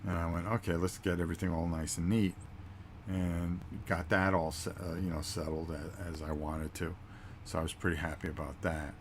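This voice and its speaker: Man, very low voice, casual vlog chat, rambling storyteller, faint background hiss. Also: little pitch movement, normal speed. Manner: rambling storytelling with fillers and acted-out quotes. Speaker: vlog host.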